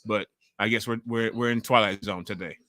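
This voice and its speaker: A man, hosting a casual live wrestling watch-along and chatting loudly with viewers. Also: fairly low pitch, brisk. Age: 40s. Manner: loud, excitable, chatty with viewers, swears freely. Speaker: livestream host.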